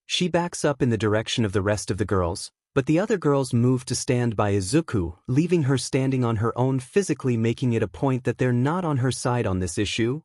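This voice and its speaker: A man reads fanfiction aloud in a steady, plain way. His voice sits at a middle pitch. The recording is close and dry. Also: a little fast, hardly any pauses, no echo. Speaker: fanfiction reader. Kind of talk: fanfiction audiobook narration.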